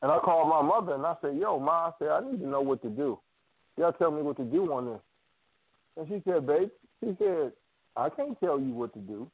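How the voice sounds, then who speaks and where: A man's voice: on the high side, fairly quick, no echo. Storytelling man on a tinny phone line. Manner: animated storyteller acting out family quotes. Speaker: radio show co-host. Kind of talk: casual storytelling chat. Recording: dry phone-line audio.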